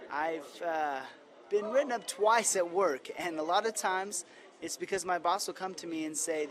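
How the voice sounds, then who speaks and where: A man interpreting aloud for a deaf stand-up comedian, telling jokes in deadpan storytelling with asides, recorded in a comedy club lounge. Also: high voice, normal speed. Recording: distant roomy club mic with crowd and noise.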